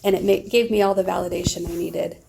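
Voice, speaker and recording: A woman's voice: lowish voice, steady tone, fast talker, creaky, noisy background. A middle-aged woman vlogging, telling a friend a long personal story in a rambling, emotional way.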